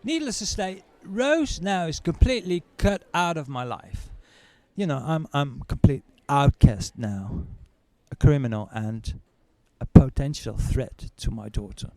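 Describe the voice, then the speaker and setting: Animated male stand-up comedian. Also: on the high side, a little slow, no echo. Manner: animated, storytelling.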